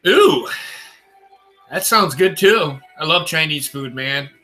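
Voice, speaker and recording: Bright-voiced profane male host. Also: on the high side, lively intonation, slow pace, soft background music. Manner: loose, profane, chats with viewers by name. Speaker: show host. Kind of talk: casual livestream chat.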